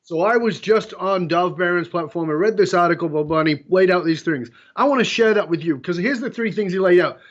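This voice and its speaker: A middle-aged man with a fairly high voice talks as an interview guest, emphatic and animated, and he acts out other people's lines as he tells his stories. The audio is dull and lo-fi. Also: a little fast, few pauses. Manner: emphatic, storytelling, acts out quoted dialogue.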